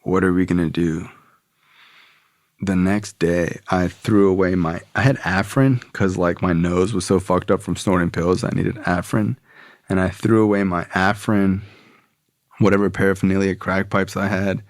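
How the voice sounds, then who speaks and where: A man's voice: sits low, fairly even intonation, normal speed, no echo, clean studio sound. A man guesting on a podcast, telling his own story candidly, with profanity and frequent "like" and "you know". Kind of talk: personal storytelling.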